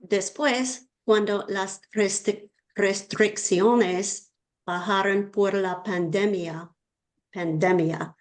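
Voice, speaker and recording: A woman's voice: mid-range voice, steady tone, slow. A woman student reading a Spanish passage aloud and sounding out hard words.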